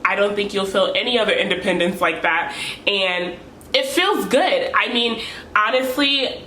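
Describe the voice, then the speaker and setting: A woman's voice: mid-range voice, a little slow, bright, forceful tone, slight background noise. A young woman vlogger giving earnest, encouraging advice to camera, repeating key points for emphasis. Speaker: lifestyle vlogger. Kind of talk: casual advice talk to camera. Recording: echoey room with faint ambience.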